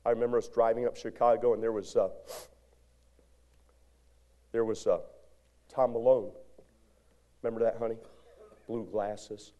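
A male pastor preaching a sermon in a church, animated, moving from shouts to hushed lines and calling out to the congregation. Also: mid-range voice, measured pace, pauses often. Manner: call-and-response exhortation to congregation. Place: church sanctuary.

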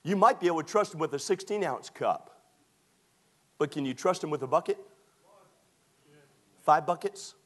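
A man, preaching a sermon that moves between lively scripture reading and folksy storytelling. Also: a little high, normal speed, pauses often.

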